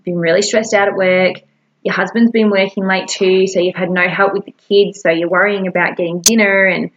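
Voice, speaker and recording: A woman's voice: mid-range voice, steady tone, fairly quick. Chatty encouraging woman, slightly dull sound. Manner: chatty, encouraging, with self-talk asides. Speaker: wellness coach. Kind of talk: casual self-help talk to camera.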